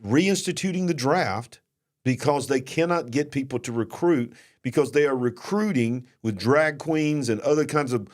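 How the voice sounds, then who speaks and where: A man's voice: medium pitch, normal speed. A man with a Southern US accent co-hosting a live-stream show, talking in a folksy, emphatic way and repeating himself for stress.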